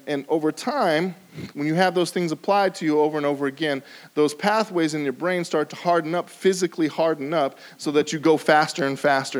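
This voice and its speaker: A man preaching a sermon, with sudden rises in pitch and volume and drops to a quiet, low voice for emphasis. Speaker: pastor.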